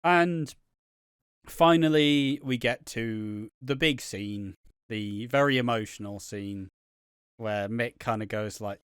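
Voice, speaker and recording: A man co-hosts a casual podcast and rambles through a recap, often stopping and restarting his sentences. His voice sits at an ordinary pitch. It sounds dry and close, with no room around it. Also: takes it slowly, fairly bright tone, clean tone, no room sound. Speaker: podcast co-host.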